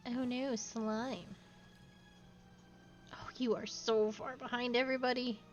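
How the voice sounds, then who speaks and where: A woman's voice: a little high, fairly even intonation, slow pace, dull audio, faint music behind. A woman streaming a game as a VTuber, chatting playfully and reading the game's text aloud. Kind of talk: casual gameplay commentary.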